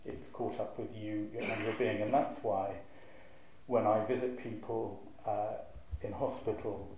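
A man's voice: lowish voice, a little slow. Wry clergyman in an echoey hall. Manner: lively, wry, recites verse with marked rhythm. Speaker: clergyman giving a talk on preaching. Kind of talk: lecture to a live audience. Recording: very echoey hall, faint ambience.

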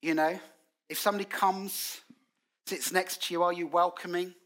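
A man preaches in a church, his voice sitting a little high and ringing bright. He tells stories with energy, acting out quotes in colloquial British phrasing. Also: normal speed. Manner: animated storytelling with acted quotes. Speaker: guest preacher. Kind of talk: sermon.

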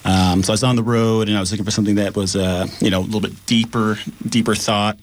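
A man co-hosting a community radio show, telling his story in an animated, chatty way with plenty of fillers. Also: on the low side, fast, slight background noise. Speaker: radio apprentice co-host. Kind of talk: casual radio chat. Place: radio studio.

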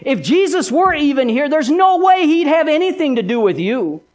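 A scornful, taunting male devil, as a preacher puts him on mid-sermon. The voice jumps well above the speaker's own register and gets louder, dripping with mockery. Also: very high-pitched, very animated, moderate pace, pitched above the performer's own voice. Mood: mocking.

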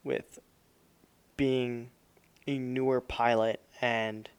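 This is a young man co-hosting a casual podcast. His voice is smooth and resonant at an ordinary pitch. He rambles loosely, full of hedges and fillers. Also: flat delivery, very slow. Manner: rambling, hedging, with many fillers. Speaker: podcast co-host. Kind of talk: casual chat.

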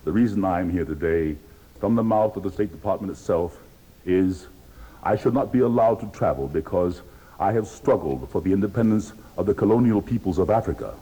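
A man in his fifties testifying at a hearing, defiant and oratorical, speaking with booming force. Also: expressive, a little fast, warm tone, husky, poor audio. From United States. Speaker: witness at a hearing.

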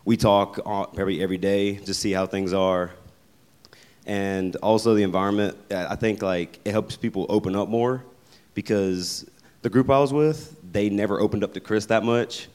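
Young man, very low voice, casual rambling testimony. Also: steady tone, moderate pace, darkish tone, smooth. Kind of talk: sharing testimony.

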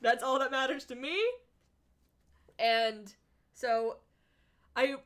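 Young woman podcaster, gushy fangirl energy, kinda high-pitched. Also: slow. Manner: excitable, gushing, acts out lines. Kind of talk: casual fan chat.

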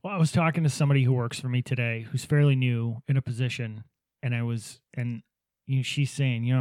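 A man's voice: medium pitch, steady tone, fast, a little mellow, dry recording. A man in casual chat, telling anecdotes and acting out what people said, laughing easily. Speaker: podcast host, business owner.

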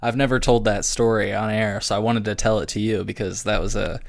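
A man with a lowish voice hosts a podcast in easy, casual chat. He tells stories with lively swearing and acts out what people said. The sound is dry and close. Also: fairly quick, vocal fry, no room sound. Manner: animated storytelling, swearing, acting out quotes. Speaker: podcast host.

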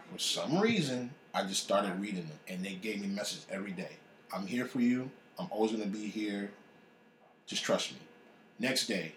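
A man's voice: on the low side, fairly bright tone, a little hiss or hum. A man casually telling a personal faith story. He talks with animation and acts out the voices of people he quotes. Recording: echoey room.

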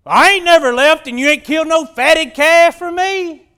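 A man voicing a resentful, jealous older brother who shouts in indignation. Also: extremely high pitch, moderate pace, pitched above the performer's own voice. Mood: furious.

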